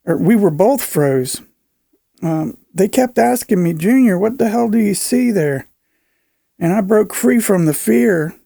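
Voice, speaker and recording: A man narrating a viewer's frightening encounter account in an earnest, halting way, with fillers and restarts. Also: high-pitched, dark tone, no room sound, studio quality. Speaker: narrator reading a viewer's email.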